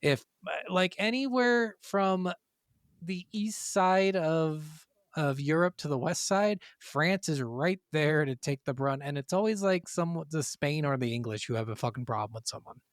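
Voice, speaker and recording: A man's voice: on the high side, measured pace, no room sound, clean studio sound. A man co-hosting a gaming podcast, reading from notes, then riffing casually with swearing and stumbling over foreign names. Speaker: podcast co-host.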